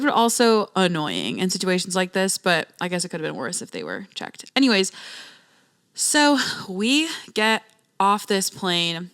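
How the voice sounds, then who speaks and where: A young woman hosting a podcast, telling a travel story in a chatty, slangy, animated way. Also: lowish voice, clean tone. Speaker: podcast host. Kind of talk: casual storytelling.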